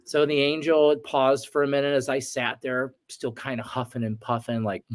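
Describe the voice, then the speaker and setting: Man in his forties, interview guest; earnest, reflective storyteller, mid-pitched, reenacts moments. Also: little pitch movement, normal speed. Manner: earnest, reflective, acts out his own past outbursts. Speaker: shaman guest.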